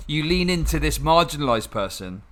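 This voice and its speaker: A man's voice: on the high side, big pitch swings, moderate pace, fairly bright tone. A young man chatting casually and sarcastically while playing a game, swearing often and rambling with restarts. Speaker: gaming channel host.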